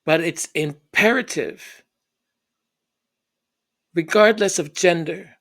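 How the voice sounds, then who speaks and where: A man telling a personal story, halting and repeating words in an earnest way. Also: on the high side, fairly bright tone.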